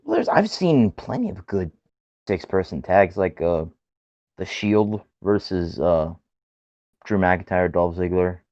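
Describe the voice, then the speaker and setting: A man with a very low voice chats casually on a podcast, eager and gushing. His voice comes through dry and a little dull, like a lo-fi home recording. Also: unhurried, no echo. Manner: excitable, gushing fan talk. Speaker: podcast co-host. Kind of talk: casual chat. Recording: dull lo-fi sound.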